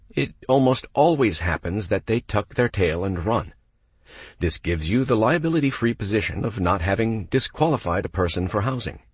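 A man's voice: fairly low pitch, breathy edge, dry recording. A man, a property manager, giving step-by-step instructional narration and acting out phone calls with an applicant. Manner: coaching, step-by-step explanations.

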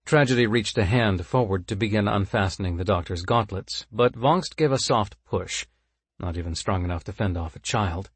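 Husky low-voiced male story narrator. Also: normal speed, dry recording.

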